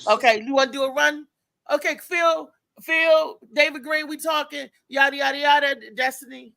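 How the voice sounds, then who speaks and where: A middle-aged woman hosting a live talk show in an animated, laughing way. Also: high-pitched, moderate pace, gravelly, slight background noise. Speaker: show host. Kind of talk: casual live show chat.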